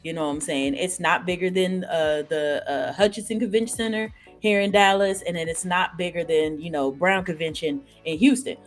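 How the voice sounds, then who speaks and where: Woman host from Texas, slangy hype talk, soft music behind. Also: lowish voice, steady tone, normal speed, hardly any pauses. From Austin, Texas. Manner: hyped, slangy, playful hype-up. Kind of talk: live stream interview hosting.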